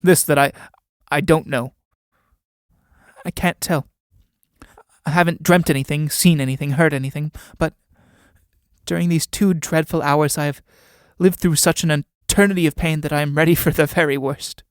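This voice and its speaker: A man's voice: fairly high pitch, steady tone, moderate pace, smooth, no echo, close to an everyday voice. A man reading a frightened young woman in a storybook play. She hesitates and stumbles over her words. The sound is dry and close. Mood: fearful. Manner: hesitant, stammering. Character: anxious devout young woman, mistress.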